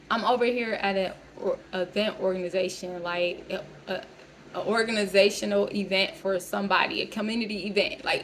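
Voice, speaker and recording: A woman's voice: medium pitch, bright, forceful tone, a little hiss or hum. Blunt, profane woman ranting. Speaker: vlogger. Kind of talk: casual rant to camera.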